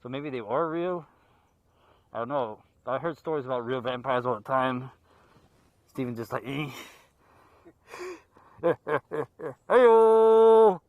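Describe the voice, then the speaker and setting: A man hosting a horror movie show outdoors in a park, talking casually and off the cuff, excitable and quick to laugh. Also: medium pitch, no echo, phone-quality sound. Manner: excitable, laughs a lot, jokey asides.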